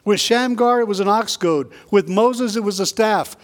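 A man preaching a sermon in a conversational way, tossing in quick asides and jokes for the congregation. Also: sits high. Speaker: pastor.

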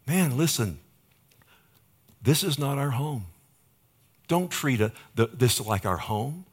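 A male preacher with a mid-pitched voice delivering a sermon. He builds to loud, urgent declarations, then drops to a hush, and keeps asking the congregation "Amen?". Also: expressive, takes it slowly, pauses often, slightly rough. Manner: dynamic preaching, swings between loud emphasis and hushed near-whispers.

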